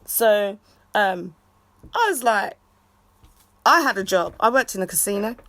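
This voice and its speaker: A woman ranting casually on a livestream, swearing freely and breaking off for loud shout-outs to viewers. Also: mid-range voice, lively intonation, unhurried, no echo. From England. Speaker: livestreaming vlogger. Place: outdoors in a city.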